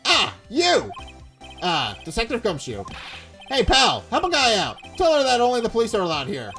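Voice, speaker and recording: Play as a man voicing a clumsy, good-natured detective from a courtroom game. He is loud and blustering, with a lively, bouncing voice that lurches up and down. He calls everyone pal. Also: very high voice, moderate pace, faint music behind, voice pushed up, full character voice. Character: bumbling big-hearted male police detective.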